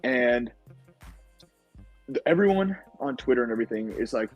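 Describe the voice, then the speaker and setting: A young man speaks as a podcast guest, retelling his time as a game-show contestant in loose, animated storytelling full of fillers. His voice sits at an ordinary pitch with a husky, slightly rough edge. Faint music plays behind him. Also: measured pace, pauses often, dry recording, lo-fi sound. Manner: animated recounting with many fillers. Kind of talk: casual storytelling.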